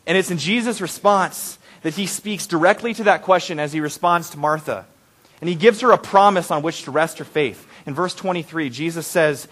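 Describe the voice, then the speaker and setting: A man's voice: on the high side, brisk, a bit bright. A man preaching a sermon in a conversational way, asking the congregation questions and acting out quoted prayers with rising intensity. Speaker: pastor.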